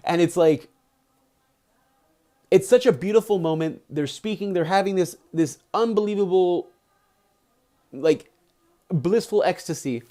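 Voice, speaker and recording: A young man on a livestream, retelling a book chapter in a casual, animated way, filling it with "he's like" and acting out the quotes with big jumps in pitch. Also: unhurried, long pauses. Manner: many fillers like "he's like". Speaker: streamer reading a book aloud.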